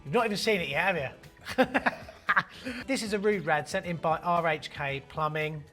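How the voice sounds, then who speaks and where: A man with a slightly raised voice hosts a plumbing channel in a casual, jokey style. He mixes cheeky banter and crude humour into his talk. Soft music plays faintly underneath. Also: fairly high pitch, normal speed.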